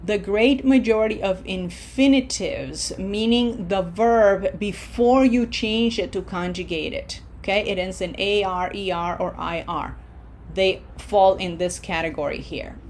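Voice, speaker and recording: A woman teaching a Spanish pronunciation lesson, explaining patiently, checking in with "okay?" and modeling words slowly. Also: mid-range voice, darkish tone, a little hiss or hum. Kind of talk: classroom lesson.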